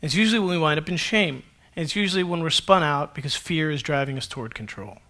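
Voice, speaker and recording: A pastor preaches a sermon to his congregation, sounding conversational and animated and poking fun at himself. His voice sits on the high side, and he talks fast.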